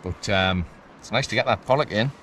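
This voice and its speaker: A man, chatting excitedly to the camera from his kayak while fishing at sea, often laughing. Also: on the low side, a little fast, a little hiss or hum. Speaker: kayak angler filming his fishing trip. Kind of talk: casual vlog commentary. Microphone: action camera mic.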